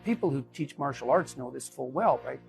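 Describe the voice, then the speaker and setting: A man's voice: mid-range voice, expressive, fairly quick, creaky. A man speaking in an emphatic lecturing manner, in a clip played with music underneath.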